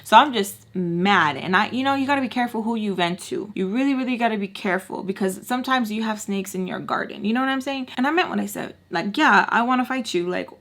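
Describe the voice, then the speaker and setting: A young woman vlogger telling a personal story in casual chat, animated and indignant, cursing bluntly and filling her talk with "like" and "you know". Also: fast talker, few pauses. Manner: animated, indignant, quotes people with sudden pitch jumps; blunt and profane, lots of fillers like "like" and "you know".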